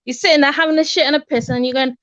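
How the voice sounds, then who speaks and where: A woman's voice: high voice, fairly even intonation, racing, a bit bright, dry recording. A woman arguing heatedly on an online call, swearing and confrontational. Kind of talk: heated online panel argument. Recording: dull lo-fi call audio.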